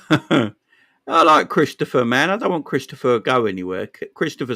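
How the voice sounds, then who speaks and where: A man's voice: medium pitch, big pitch swings, normal speed, gravelly, sharp tone. A young man with a London East End accent, hosting a football live stream and chatting back to his viewers, repeating phrases and tagging lines with "man" and "yeah". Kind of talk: casual live-stream chat.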